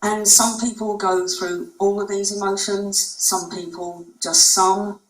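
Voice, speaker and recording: A woman's voice: medium pitch, level tone, measured pace. A woman clinician giving a conference talk, speaking conversationally and unhurriedly with frequent ums. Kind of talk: conference presentation. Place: presentation room. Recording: echoey room, mic far off.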